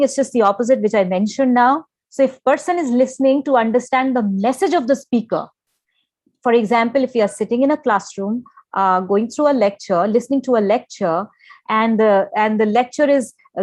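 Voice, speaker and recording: A woman explains each point to a class. She has a fairly high voice and keeps asking "okay?" The sound is close and dry, with no room echo. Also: moderate pace. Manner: explanatory, mixes English and Hindi phrases, frequent "okay?" checks. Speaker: lecturer. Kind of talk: lecture on listening skills.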